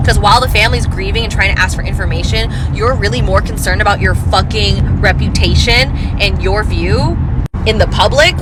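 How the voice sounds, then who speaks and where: A woman hosting a commentary channel, ranting angrily with heavy swearing and sarcasm. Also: a little high. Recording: loud traffic noise behind.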